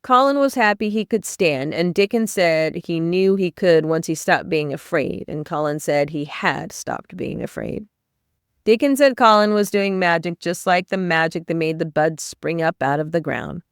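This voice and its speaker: A woman's voice: fairly low pitch, expressive, normal speed, smooth, dry recording, clean studio sound. A woman hosting a podcast, giving a chapter-by-chapter book summary in plain storytelling with brief asides. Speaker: podcast host summarizing a novel.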